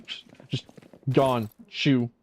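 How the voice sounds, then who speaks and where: A man's voice: mid-range voice, steady tone, extremely slow, a little mellow, a little hiss or hum. A man streaming a video game, talking casually in a rambling, profane, self-mocking way. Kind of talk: casual gameplay commentary.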